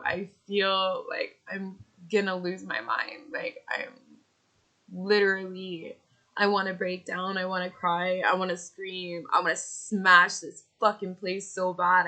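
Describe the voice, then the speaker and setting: A woman's voice: fairly low pitch, sharp tone. A woman in her thirties with older children, ranting angrily to camera about losing her home, swearing often and venting in bursts. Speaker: vlogger. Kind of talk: angry personal rant to camera.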